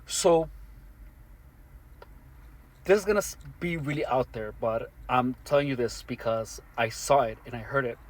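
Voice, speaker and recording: A man speaking alone to the camera in an earnest, matter-of-fact monologue, halting with many restarts and fillers. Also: medium pitch. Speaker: vlogger. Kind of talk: first-person monologue to camera.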